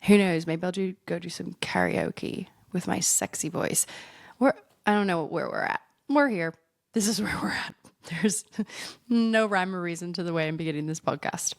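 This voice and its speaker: A woman hosts her podcast alone with a husky, congested voice. Her tone sits low and gravelly with some fry. She talks in a loose, rambling, self-mocking way, and the recording is dry and close. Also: normal speed, dry recording. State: congested with a head cold. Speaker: podcast host. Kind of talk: casual solo podcast chat.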